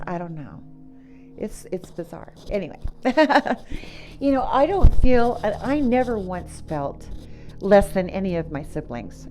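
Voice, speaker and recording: A middle-aged woman telling a personal story in a halting way, with many "you know"s, restarts and small laughs. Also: medium pitch, expressive, a little mellow, faint music behind.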